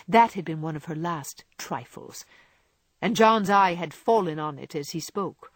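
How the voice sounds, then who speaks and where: Husky-voiced woman reading a classic story. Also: on the low side, unhurried, dry recording. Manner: expressive, varied reading. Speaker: audiobook narrator. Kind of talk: storybook narration.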